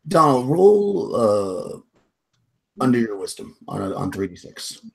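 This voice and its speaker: A man narrating as game master of a tabletop game, describing in a halting, hedging way with frequent restarts. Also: mid-range voice, very animated, creaky, a little hiss or hum.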